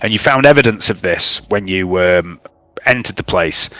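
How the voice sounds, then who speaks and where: A man's voice: low voice, expressive, normal speed, bright, forceful tone, no echo. A man narrating and running a tabletop role-playing game as game master, recapping events with frequent fillers.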